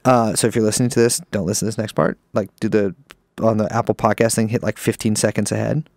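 A young man co-hosting a podcast, rambling and swearing, often cutting himself off, with big jumps in pitch. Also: steady tone, fast, vocal fry, a little mellow, no echo. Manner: rambling, swearing, self-interrupting with wide pitch swings. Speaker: podcast co-host. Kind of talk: casual podcast chat.

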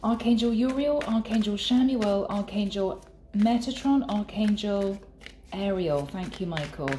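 A woman giving a channeled tarot reading in an earnest, soft and sometimes emotional way. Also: mid-range voice, measured pace, slight background noise. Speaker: tarot reader. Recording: echoey room with faint ambience.

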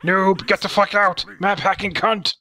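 Brief: a man doing an enraged online gamer, shrill and high, spitting insults. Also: lively intonation, unhurried, sharp tone, heavily acted. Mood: angry ranting. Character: furious ranting male online gamer, insulting.

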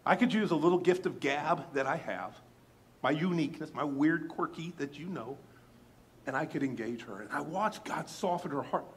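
There's slight background noise as a male pastor, his voice on the high side and at normal speed, relates a personal story from the pulpit. Chatty and lively, he speaks directly to the congregation and acts out each quoted exchange.

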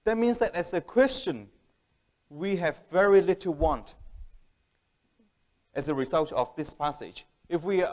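Guy giving a sermon, kinda high voice, chatty storytelling, restarts a lot. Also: unhurried, long pauses. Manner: plain conversational storytelling with frequent restarts. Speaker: preacher. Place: church hall.

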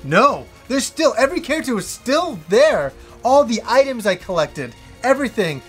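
A man reviewing a video game as the host, telling old memories in an excitable, profane, animated way. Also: very high-pitched, normal speed, faint music behind. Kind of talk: casual storytelling review.

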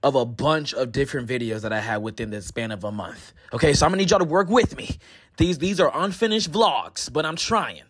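A man's voice: mid-range voice, a little fast, a bit bright, husky. A young man talking to his phone camera in a playful, slangy, casual vlog while out on city streets. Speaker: vlogger. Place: outdoors on city streets and subway. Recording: street noise behind.

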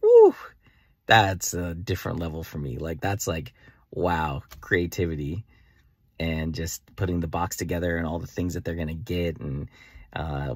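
Excitable low-voiced man vlogging. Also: breathy edge, dry recording, studio quality. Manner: excitable, rambling, many "like" fillers. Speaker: vlogger and faith coach. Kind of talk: enthusiastic daily vlog monologue.

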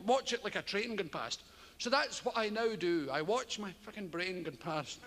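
An older Scottish man doing a rambling, profane stand-up routine on a theatre stage. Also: sharp tone. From Scotland. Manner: rambling, profane, bursts into high mocking voices. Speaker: stand-up comedian. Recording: live theatre recording with hall reverb. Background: audience laughter.

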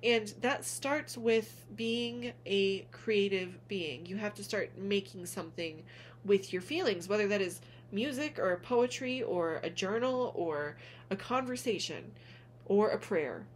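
A woman speaking gently and earnestly to her viewers in a heartfelt vlog, calling them honey as she encourages them. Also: medium pitch, expressive, unhurried, a little hiss or hum. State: tearful at moments. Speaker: spiritual vlogger, reader. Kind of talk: heartfelt direct-to-camera vlog.

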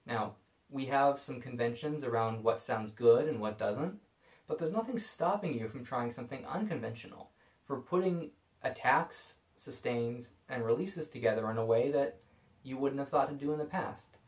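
Guy teaching violin, calm explainy tone, mid pitch, roomy echo. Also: moderate pace. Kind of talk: scripted video lesson. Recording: echoey room.

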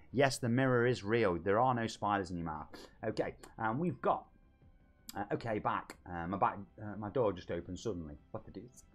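A man in his forties with a Nottingham accent, chatting on a live game stream, reading viewers' messages aloud, joking, laughing often and calling everyone mate. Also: on the low side. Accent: Nottingham English. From England. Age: 40s.

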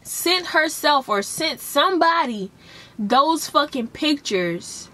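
A woman's voice: sits high, slow, a little hiss or hum. A young woman telling a story from her school days in a casual, profane vlog, acting out what others said. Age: young adult. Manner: profane, animated, acts out quotes.

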